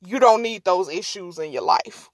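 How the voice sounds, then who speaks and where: A woman podcast host telling a story in an animated, slangy, casual way and laughing often. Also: on the low side, normal speed, noisy background.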